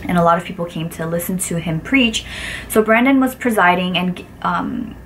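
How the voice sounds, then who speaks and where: A woman's voice: lowish voice, normal speed, a little hiss or hum. Chatty woman telling a story. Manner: animated, acts out quotes with lots of "like" fillers. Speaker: vlogger. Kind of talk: casual storytelling vlog.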